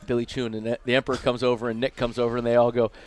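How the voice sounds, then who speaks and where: A man from Las Vegas spins lively anecdotes over dinner. He acts out the people in his stories and talks in an easy, mid-pitched voice. The conversation takes place in a restaurant inside a casino. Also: very fast. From Las Vegas, USA. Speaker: guest. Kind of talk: casual storytelling over dinner.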